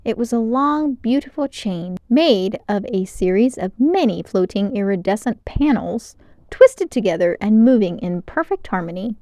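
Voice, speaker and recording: A woman reading a children's novel aloud in a clear, expressive storytelling manner, close to the mic. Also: mid-range voice, normal speed, no echo. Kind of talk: children's book read-aloud.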